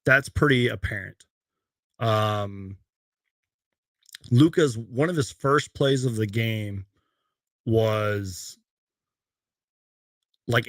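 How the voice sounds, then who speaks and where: Young male fan host with a gravelly voice, live from his bedroom, bursts of excitement between rambling chat. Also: no echo, clean studio sound. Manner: excitable, loud outbursts on highlights, then rambling. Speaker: sports fan show host. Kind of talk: live post-game fan stream. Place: bedroom at home.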